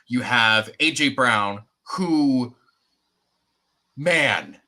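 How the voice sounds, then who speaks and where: Bright-voiced young sports podcast host. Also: male voice, mid-range voice, lively intonation, drawn-out words. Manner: rambling, many fillers and restarts. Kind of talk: casual sports chat.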